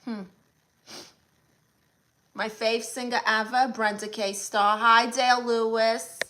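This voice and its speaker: Sassy Brooklyn woman with a bright voice. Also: a little high, level tone. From Brooklyn, New York. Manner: sassy, blunt, quick comebacks. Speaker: comedian hosting a live stream. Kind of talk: live stream, reading out chat comments.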